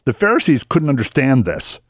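A man's voice: mid-range voice, big pitch swings, fairly quick, no room sound, clean studio sound. A man co-hosting a Christian radio talk show, explaining Bible passages in a rambling, conversational way and laughing easily.

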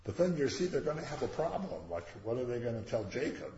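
A man's voice: mid-range voice, big pitch swings, quick pace, crowd noise. A man leading a Bible study, commenting on scripture in a chatty way with jokey asides and rhetorical questions. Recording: echoey, dull lo-fi room recording.

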